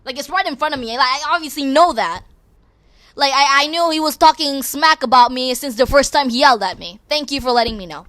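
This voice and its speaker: A woman hosting a podcast, rambling through a casual, expressive, self-deprecating monologue. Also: high-pitched, a little fast. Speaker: podcast host.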